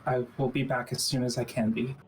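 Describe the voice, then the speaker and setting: A man playing a tabletop game in character, hesitant and halting, very polite. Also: medium pitch, flat delivery, slight background noise. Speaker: player. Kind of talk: tabletop role-play in character.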